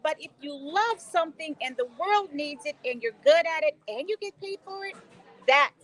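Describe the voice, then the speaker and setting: A woman's voice: high voice, moderate pace, rough recording. A woman in her sixties, a guest educator telling stories on a talk show, emphatic and quoting her own dialogue. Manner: animated, emphatic, quotes herself in dialogue. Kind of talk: conversational storytelling on a talk show.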